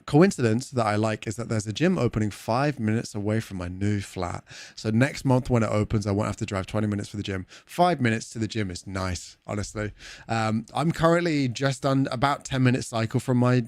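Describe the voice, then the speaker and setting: Young man, British accent, live streamer, casual chat, swears and laughs a lot, mid-pitched, dry close sound. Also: darkish tone, dry recording. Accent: British English. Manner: chatty, swears freely, laughs often, slips into jokey put-on voices.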